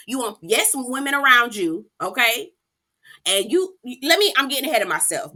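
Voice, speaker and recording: A woman giving a sassy, animated recap of a reality TV episode, talking straight to her viewers. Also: medium pitch. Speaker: reality TV reviewer. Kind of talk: casual recap commentary.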